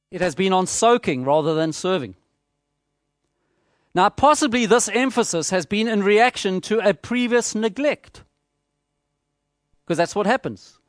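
Man, high voice, preaching a sermon, emphatic, repetitive phrasing, dry sound. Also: no room sound. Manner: measured, emphatic, repeats phrases for rhetorical effect.

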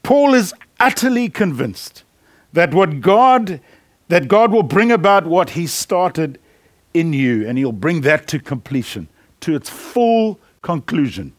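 A man's voice: fairly high pitch, sing-song, slow pace, no room sound, studio quality. A man preaching a sermon in a conversational, storytelling way, often laughing and restarting his sentences.

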